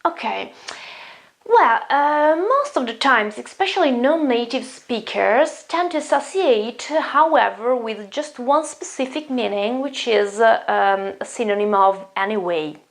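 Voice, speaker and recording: Woman with an Italian accent, English teacher, explanatory and self-correcting, slightly gravelly voice. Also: a little high, lively intonation, measured pace. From Italy. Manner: explanatory, repeats words and restarts often. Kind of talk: online English lesson.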